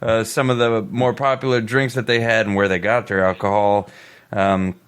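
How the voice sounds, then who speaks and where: A man co-hosting a podcast in casual chat, halting and stammering, with many restarts. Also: fairly low pitch, level tone, fairly bright tone, smooth. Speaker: podcast co-host.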